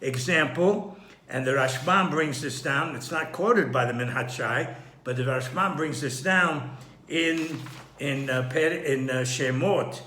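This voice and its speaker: A man giving an unhurried Torah study lesson, thinking aloud with frequent restarts and throat-clearing. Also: a little high, sharp tone, echoey room. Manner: clears his throat often. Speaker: Torah teacher.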